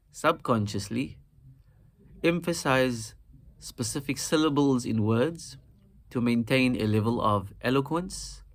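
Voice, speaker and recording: A man teaching Quran recitation, explaining in a calm, measured way and repeating example words slowly and deliberately. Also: medium pitch.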